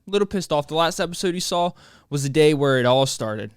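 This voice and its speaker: A man's voice: a little high, lively intonation, fairly quick, clean tone, no echo, studio quality. A young man hosting his own podcast, ranting alone in a joking, self-mocking way with many restarts. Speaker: podcast host. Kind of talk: solo rambling rant.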